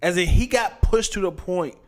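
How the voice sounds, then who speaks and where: A man's voice: high voice, moderate pace, music in the background. A man co-hosting a casual podcast, a laughing storyteller who acts out the quotes in his stories. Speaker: podcast co-host. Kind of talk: casual chat.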